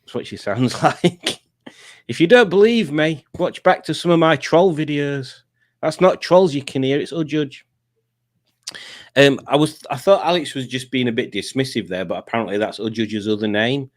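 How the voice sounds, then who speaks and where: A chatty man hosts a relaxed talk show, reading viewer comments aloud and laughing easily between them. His voice sits at an ordinary middle pitch. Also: normal speed. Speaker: podcast host. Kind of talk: casual chat.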